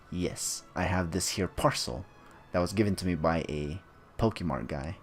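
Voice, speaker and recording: A man with a low voice chats casually while playing a video game. He rambles offhandedly and drops joking asides as he goes. Faint game music runs quietly beneath his talk. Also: normal speed. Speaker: gameplay commentator. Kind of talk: casual let's-play commentary.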